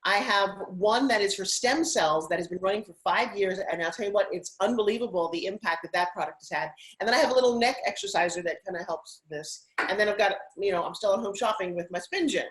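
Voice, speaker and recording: A middle-aged woman from Long Island speaks as a guest on an interview show. Her voice sits at an ordinary middle pitch. She talks in an upbeat, persuasive, storytelling way with plenty of animation. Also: fast talker, hardly any pauses, fairly bright tone, low-quality recording. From Long Island, United States. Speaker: guest, TV host and spokesperson. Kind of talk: motivational interview talk.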